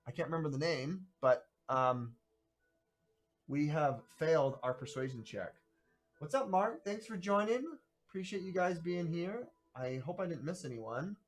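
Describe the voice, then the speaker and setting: A man hosting a live stream of a solo tabletop adventure, chatting casually in a rambling, halting way. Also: a little high, expressive. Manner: rambling, halting, greets viewers by name.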